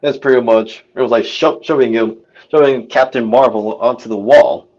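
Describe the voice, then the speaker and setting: A man's voice: mid-range voice, normal speed, darkish tone, muffled recording. A man joining a casual podcast by video call, earnest and often stumbling over his words. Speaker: guest panelist.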